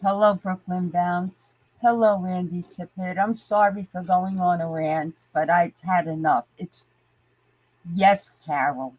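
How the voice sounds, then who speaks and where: Older lady live streamer, husky and a bit stuffy, fed up, greets chat by name. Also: on the low side, fairly even intonation, slow, a little mellow, no room sound, poor audio. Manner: indignant ranting, greeting viewers by name. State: stuffy from a sinus infection.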